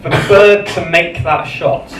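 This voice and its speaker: A man doing a dry, deadpan stand-up set in a comedy club, pausing before each punchline. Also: high-pitched. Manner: dry, deadpan delivery with measured pauses. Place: comedy club stage with laughing audience. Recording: roomy live club sound from a distance, audience noise.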